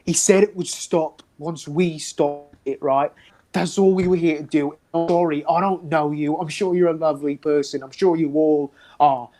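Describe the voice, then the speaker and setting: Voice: medium pitch, fairly even intonation, normal speed, warm tone, natural voice. A game master voicing a terrified captive cultist who stammers, pleads and sounds half mad. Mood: frightened, desperate.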